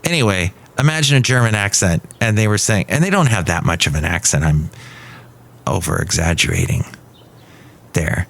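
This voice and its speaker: A man's voice: low-pitched, expressive, normal speed, gravelly, a bit bright. A man hosting a comic one-man podcast, rambling playfully with jokey asides. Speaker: podcast host.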